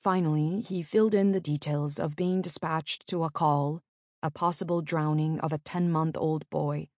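A middle-aged woman narrating her own memoir in an earnest, measured storytelling manner. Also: low-pitched, dry recording, studio quality.

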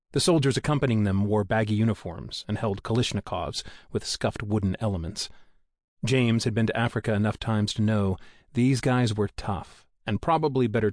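Low-voiced man narrating a thriller audiobook. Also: darkish tone, dry recording, studio quality. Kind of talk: scripted narration.

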